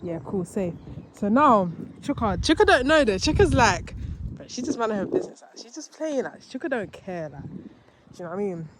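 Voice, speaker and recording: A woman's voice: mid-range voice, big pitch swings, brisk, background noise. A young woman with a London accent chatting casually in a vlog while walking her puppy outdoors in a park, slang-heavy and laughing nervously, filmed on a handheld phone. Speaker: vlogger. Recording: background music over voice.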